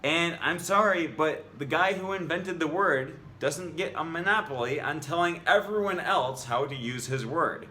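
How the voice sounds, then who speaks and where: A language vlogger with a fairly high-pitched, sharp-toned male voice reads an article aloud and argues back against it, sounding exasperated and combative. He speaks at a normal speed with few pauses. The recording has a roomy echo and faint ambient noise.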